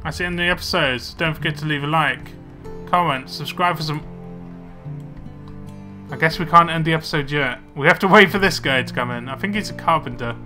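Bright-voiced man narrating gameplay. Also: fairly high pitch, brisk, soft background music. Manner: chatty, muttering to himself while playing. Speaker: let's play gamer. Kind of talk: casual gameplay commentary.

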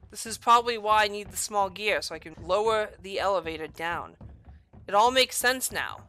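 A woman doing let's-play commentary on a horror game, excitable and profane, swinging between groans and shrieks. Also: mid-range voice, normal speed. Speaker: game streamer.

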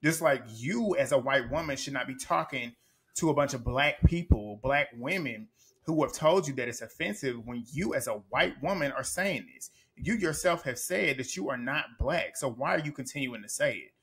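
A man's voice: mid-range voice, expressive, moderate pace, fairly bright tone, slightly rough. A man casually recapping a reality TV episode, blunt, profane and emphatic in his opinions.

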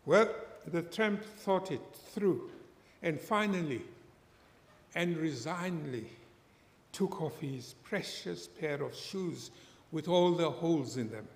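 A man preaching a sermon, telling a story slowly and deliberately and acting out its characters. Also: on the high side, lively intonation. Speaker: pastor. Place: church hall. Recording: echoey church hall with long reverb.

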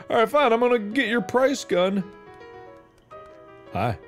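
A man commentating a video game playthrough in a goofy, taunting way, swinging between loud shouts and mutters. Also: very high-pitched, unhurried, long pauses, soft background music. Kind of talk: let's play commentary.

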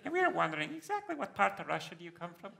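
A man's voice: high-pitched, very animated, racing, creaky, pushed and bright, a little hiss or hum, pitched above the performer's own voice, full character voice. A man putting on a nervous male submarine crewman making awkward small talk. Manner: hesitant, rambling small talk.

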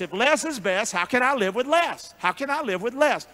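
A man preaching a sermon as pastor, with call-and-response, booming shouts and hushed asides. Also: sing-song, fairly quick, hardly any pauses. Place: church sanctuary.

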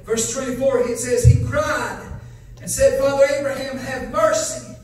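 Shouting evangelist man in echoey church. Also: very high-pitched, fairly even intonation, normal speed, a little hiss or hum. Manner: builds to shouted, sing-song chanting with repeated phrases. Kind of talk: fiery revival sermon. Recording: echoey church hall from far off, faint music.

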